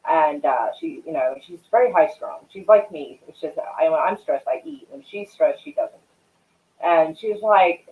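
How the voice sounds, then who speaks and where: A woman's voice: on the low side, big pitch swings, moderate pace. Rambling chatty woman, tinny audio. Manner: rambling, chatty, swears freely, greets chat viewers. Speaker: livestream host. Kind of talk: casual live-stream chat.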